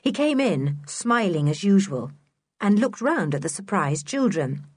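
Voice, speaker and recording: Woman reading a kids storybook aloud, lively pitch, breathy, dry close sound. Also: a little slow, no echo. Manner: expressive, clear reading. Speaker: audiobook narrator. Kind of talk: storybook narration.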